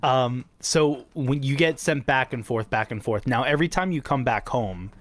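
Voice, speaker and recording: A man's voice: medium pitch, normal speed, no room sound. A man hosting a podcast, asking loose, rambling questions in casual conversation. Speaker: podcast host. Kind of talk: casual interview chat.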